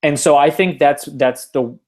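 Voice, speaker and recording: A podcast host runs a casual sports show over an online call, rambling with fillers and restarts through a home computer mic. His voice is fairly high-pitched and darkish, and he speaks unhurriedly.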